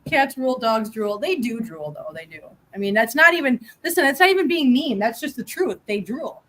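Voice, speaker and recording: A woman chats casually on a live stream from home. Her voice sits a little high, and she laughs often and slips into a cooing tone for her cats. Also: lively intonation, brisk, sharp tone. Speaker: host.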